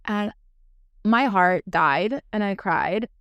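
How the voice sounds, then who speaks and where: Podcast host, woman, very smooth clear voice, dry close sound, chatty and profane. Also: medium pitch, expressive, slow pace, a bit bright, no room sound, muffled recording. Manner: chatty, swears freely, lots of "like" fillers. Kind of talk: casual storytelling monologue.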